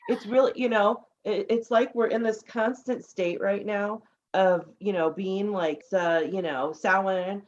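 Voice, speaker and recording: A woman's voice: mid-range voice, steady tone, a little slow. A woman hosting a casual podcast interview, rambling with many fillers and restarts. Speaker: podcast host. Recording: slightly dull lo-fi audio.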